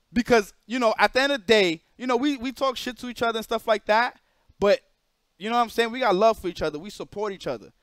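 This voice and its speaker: A man streaming live, telling a story in an animated way, emphatic and profane and repeating himself for emphasis. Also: high voice, smooth, no echo, clean studio sound.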